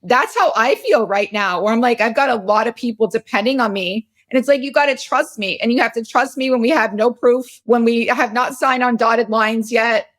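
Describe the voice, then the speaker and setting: A woman's voice: on the high side, normal speed, few pauses, a bit bright. Tired, candid woman in her forties. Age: 40s. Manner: candid, emotional, rambling with restarts. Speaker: podcast host. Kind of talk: casual personal storytelling.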